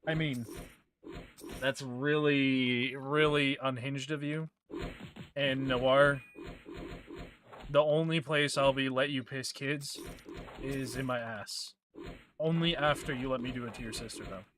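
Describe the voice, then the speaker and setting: A man's voice: mid-range voice, fairly even intonation, slow, long pauses, fairly bright tone, a little hiss or hum. Crude, joking male game streamer. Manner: crude, joking banter with chat. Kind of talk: casual gaming stream chat.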